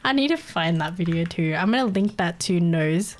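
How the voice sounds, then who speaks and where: A woman's voice: on the low side, expressive, normal speed. A young Australian woman chatting casually on a live stream, laughing often and poking fun at accents. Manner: giggly, chatty, mocks accents.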